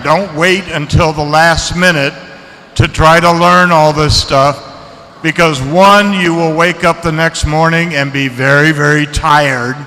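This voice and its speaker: A man giving a seminar lecture to students, lively and chatty, asking the audience questions. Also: a little high, long reverb tail. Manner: lively, asks the audience questions, acts out reactions. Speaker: seminar speaker. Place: lecture hall.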